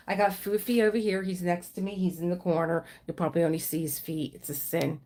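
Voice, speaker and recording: A woman's voice: mid-range voice, a little fast. Chatty woman hosting a livestream. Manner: chatty, reads out viewer greetings. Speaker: livestream host. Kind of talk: casual livestream chat.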